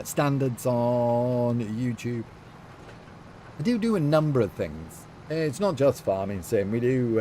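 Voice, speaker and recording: Chatting loosely during a farming game livestream, a man reads his viewers' messages aloud and rambles with many fillers. His mid-range voice has a warm tone, and the audio carries a slight hiss or hum.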